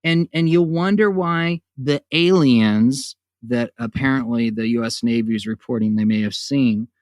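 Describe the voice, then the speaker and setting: A man's voice: mid-range voice, a little slow, a little mellow, no echo, studio quality. A man hosting his own podcast, ranting in a sarcastic, profane monologue that jumps between jokes and voices. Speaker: podcast host.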